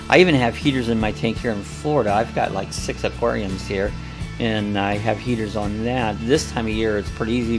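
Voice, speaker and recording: A man with a gravelly, creaky voice hosts a casual live-stream chat. He rambles in a folksy way and keeps restarting his sentences. Guitar music plays clearly behind him. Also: fairly low pitch. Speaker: host of a live coffee chat show.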